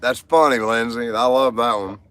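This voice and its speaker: A man's voice: mid-range voice, steady tone, normal speed, fairly bright tone, smooth. Chatty man telling jokes on a livestream. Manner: rambling, chatty, laughs at own jokes. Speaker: livestream host. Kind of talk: casual joke-telling livestream.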